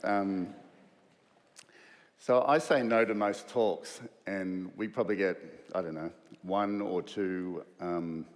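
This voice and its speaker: A man's voice: low-pitched, fairly even intonation, slow pace. An Australian man in his fifties giving a conference keynote, telling self-deprecating stories in a loose, conversational way. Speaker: keynote speaker. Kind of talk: conference keynote with humorous anecdotes. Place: large conference hall. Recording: reverberant hall.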